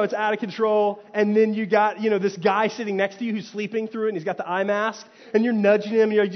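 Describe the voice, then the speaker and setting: A man from Texas preaching a sermon, telling stories with animated swings from loud to hushed. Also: high voice, brisk, hardly any pauses, in a large hall, highs cut off. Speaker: pastor. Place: church.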